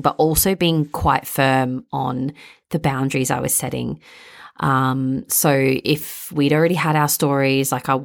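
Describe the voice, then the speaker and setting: A woman's voice: deep voice, gravelly. A young woman hosting a parenting podcast, talking casually and chattily with lots of "like" and "um". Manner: chatty, filler-heavy, with frequent "like" and "um". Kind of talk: casual solo podcast chat.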